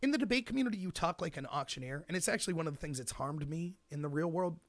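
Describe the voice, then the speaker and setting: A man hosting his own show, delivering an animated commentary monologue full of mock quotes. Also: on the high side, fast talker, dry recording. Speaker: host.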